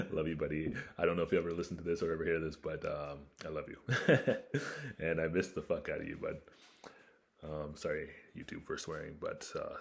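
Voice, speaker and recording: Very deep-voiced man hosting a podcast. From northern Ontario, Canada. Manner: rambling and candid, many fillers, laughs between thoughts. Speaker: podcast host. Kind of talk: casual solo podcast monologue. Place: home room with a fire crackling behind.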